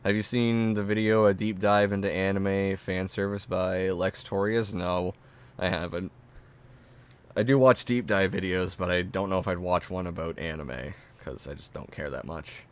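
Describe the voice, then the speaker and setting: A man's voice: sits low, fairly even intonation, moderate pace, smooth. A man streaming, chatting casually and profanely as he reacts to videos and reads chat.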